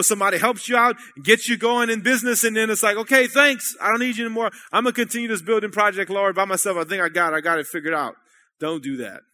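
A man's voice: high-pitched, sharp tone. A man preaching a sermon at a church service, talking conversationally and checking in with the congregation. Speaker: pastor.

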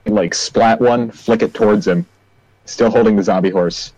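A man's voice: on the low side, normal speed, darkish tone, no echo, muffled recording. A man player in a tabletop game over an online call, talking in a casual, rambling way.

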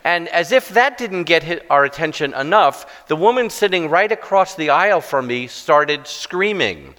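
A middle-aged man preaching a sermon with stories, self-deprecating and halting, with many restarts. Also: on the high side, animated, pushed and bright. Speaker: guest preacher. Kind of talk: sermon with storytelling. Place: church sanctuary. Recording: long church reverb.

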